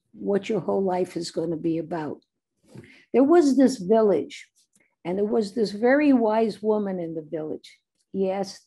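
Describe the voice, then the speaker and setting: A woman's voice: medium pitch, gravelly, dark tone, breathy edge. A woman giving an earnest commencement speech to medical graduates, exhorting and telling a parable. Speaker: commencement speaker.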